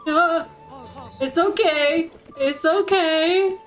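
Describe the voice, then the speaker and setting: A woman streaming a game, chatting casually and excitedly, giggling often and cooing softly at her in-game horse. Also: very high voice, drawn-out words, faint music behind, rough recording. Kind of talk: casual gameplay commentary.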